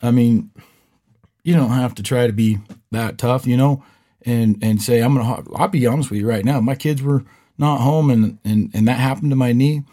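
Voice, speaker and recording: At normal speed and medium pitch, a middle-aged man tells a story while co-hosting a podcast. The chat is casual, and he acts out the quoted lines with lively storytelling.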